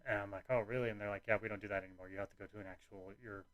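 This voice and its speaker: A young man with a somewhat low voice talks through his own story in a loose, rambling way, slipping into quoted lines of other people as he goes. The sound is close and dry, with no room around it. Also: little pitch movement, rapid-fire, fairly bright tone, no echo. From United States. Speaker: podcast host telling his own story. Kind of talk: candid personal storytelling.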